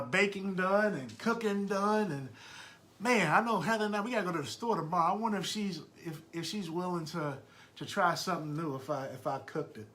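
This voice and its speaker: A man's voice: high voice, pushed and bright. A man hosting a live podcast, chatting casually and greeting his listeners by name. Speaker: podcast host.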